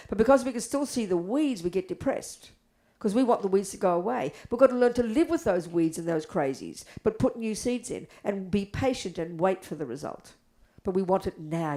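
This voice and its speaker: An older woman teaching Buddhism to an audience, blunt and animated, asking rhetorical questions. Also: mid-range voice. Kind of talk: dharma talk to an audience.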